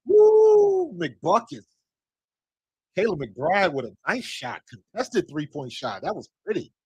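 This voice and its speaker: A man giving excited live fan commentary on a basketball game, talking to the players as if coaching them and scolding missed shots. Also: on the high side, a little slow, breathy edge, dry recording. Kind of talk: live watch-along commentary.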